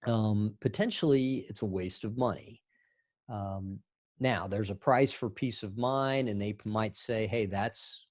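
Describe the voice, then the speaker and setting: A man's voice: medium pitch, darkish tone, dry recording, studio quality. A middle-aged man giving a recorded lecture as an instructor, talking conversationally with rambling asides.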